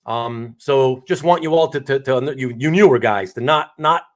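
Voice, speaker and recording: A man's voice: medium pitch, moderate pace. A man hosting a casual live stream who chats with viewers, reads their names aloud and laughs often. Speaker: host of a live comic art stream.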